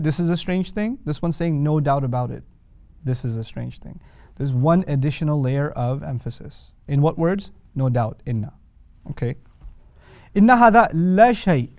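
Animated man teaching Quranic language. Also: sits high, dry recording. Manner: animated, asks rhetorical questions, recites Arabic.

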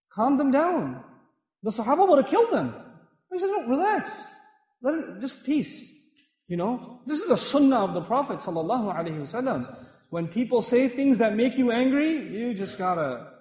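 A high-voiced man from Pakistan gives a sermon at a mosque, weaving in personal stories with animated, humorous delivery. He speaks in a mosque hall that has a women's gallery upstairs, and the recording is echoey and dull.

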